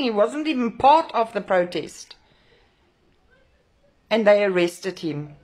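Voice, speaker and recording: A furious woman delivers a raw rant straight to camera. She swears freely and hammers her points through repetition, her voice sitting at an ordinary middle pitch for a woman. She sounds emotionally shaken and wound up throughout. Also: big pitch swings, slow pace, pauses often, a little mellow. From South Africa. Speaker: protest organiser. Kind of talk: angry direct-to-camera rant.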